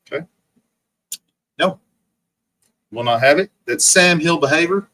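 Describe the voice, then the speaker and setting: Profane ranting livestream man, bright voice. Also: fairly high pitch, a little slow, poor audio. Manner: profane, mocking, repetitive ranting; reads and answers chat comments. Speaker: livestream host.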